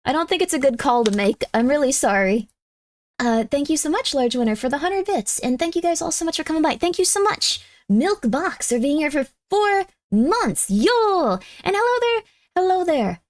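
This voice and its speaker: High-voiced rambling woman streamer. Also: very animated, normal speed, no room sound. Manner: rambling, chatty, thanks viewers. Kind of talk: casual live-stream chat.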